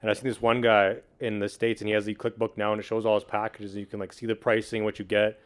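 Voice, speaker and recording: Male guest, low-pitched, fast and loose delivery, relaxed slang-heavy chat. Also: smooth. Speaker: podcast guest, video producer and beatmaker. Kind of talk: casual chat.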